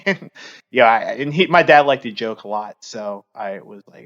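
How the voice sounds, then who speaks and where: A man's voice: a little high, lively intonation, vocal fry, fairly bright tone, lo-fi sound. Earnest man telling a personal story. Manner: halting, heavy use of fillers; earnest, open. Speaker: podcast host.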